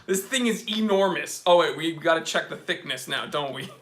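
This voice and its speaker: A young man hosting a watch channel live stream, chatting casually and excitedly reading out viewer comments. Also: fairly high pitch, normal speed.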